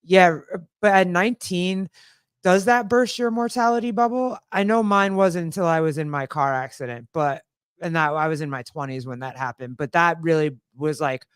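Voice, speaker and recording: A man hosts a podcast, reflecting on his own experience and then asking his guest questions. His voice is smooth and a touch higher than most men's. It sounds dry and close-miked. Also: moderate pace, fairly bright tone, dry recording. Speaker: podcast host. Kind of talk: interviewing.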